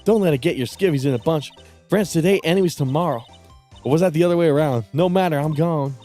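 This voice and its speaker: A man's voice: fairly high pitch, quick pace, dark tone, soft background music, pitched above the performer's own voice, lightly acted. A man voicing a brash, folksy woman witness with a sassy manner.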